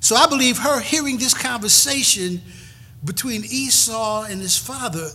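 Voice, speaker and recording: A man's voice: extremely high pitch, normal speed, bright, forceful tone, slightly rough. A middle-aged male pastor preaching a sermon in a folksy, emphatic way, often repeating words as he builds a point.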